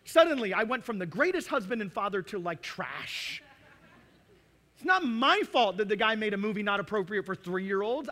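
A man in his forties preaching a sermon, animated, with humor and acted-out asides. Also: high voice, normal speed. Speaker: pastor.

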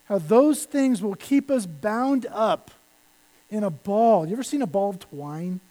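A male pastor preaching a sermon, animated, with lines that fall to a hush. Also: sits high, a little slow, low-quality recording. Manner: animated preaching that drops to soft, hushed lines.

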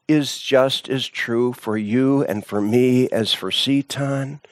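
A man's voice: medium pitch, takes it slowly, few pauses, dry recording. A man preaching a sermon, telling a story with dramatic swings in his voice.

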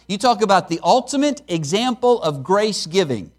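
A man preaches from the pulpit in a high, animated voice that leaps up at his points. He mixes folksy jokes into his sermon and leans hard on key words. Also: normal speed. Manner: lively preaching, rising to emphatic peaks with chuckles and asides. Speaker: preacher, missionary.

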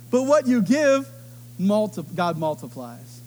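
High-voiced animated preaching man. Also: normal speed. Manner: animated storytelling, acting out voices. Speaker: pastor. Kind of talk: sermon.

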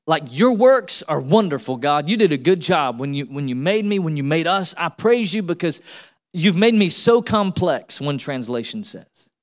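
A male pastor preaching a sermon in an emphatic, repetitive style, calling out to the congregation. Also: fairly high pitch.

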